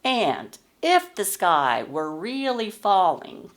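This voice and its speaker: A woman voicing a patient male fox who calmly asks clarifying questions in a spoken story. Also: mid-range voice, takes it slowly. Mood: questioning. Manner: calm questioning.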